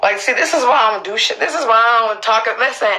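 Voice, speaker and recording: A woman's voice: a little high, quick pace, pushed and bright, slight background noise, low-quality recording. A woman on a live stream, talking emotionally and emphatically, swearing and repeating herself for stress, often asking listeners if they understand. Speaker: livestreamer speaking up for her mother.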